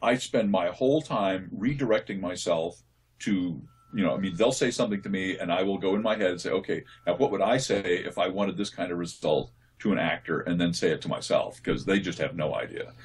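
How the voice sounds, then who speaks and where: A man, a voice actor, answering interview questions in a relaxed, thoughtful way, often restarting his sentences as he explains. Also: low-pitched, brisk, a little hiss or hum. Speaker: voice actor guest.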